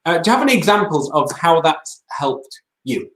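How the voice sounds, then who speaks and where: Male host, lively pitch, hesitant with fillers, echoey room. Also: normal speed. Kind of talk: interview. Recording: roomy echo.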